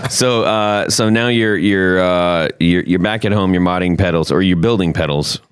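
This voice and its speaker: A man's voice: sits low, measured pace, clean tone. A man hosting a casual podcast interview, jokey and enthusiastic, prone to big laughs. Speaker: podcast host.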